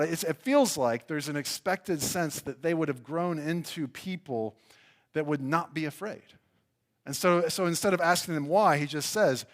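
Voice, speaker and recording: Man, pastor, sermon, somewhat high voice, chatty with restarts. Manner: conversational preaching with fillers and restarts. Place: church.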